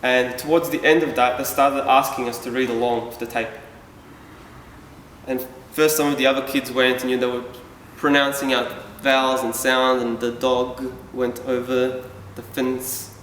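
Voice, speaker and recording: A man's voice: medium pitch, flat delivery, moderate pace, fairly bright tone, a little hiss or hum. A man from Yugoslavia telling a personal story to a live audience, speaking candidly and casually with self-deprecating asides. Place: event hall. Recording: echoey hall from far off.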